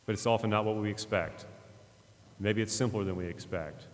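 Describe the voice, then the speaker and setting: A man's voice: fairly low pitch, steady tone, moderate pace, big-room sound. A man preaching a conversational, earnest sermon, retelling a scripture story with frequent fillers and restarts. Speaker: pastor.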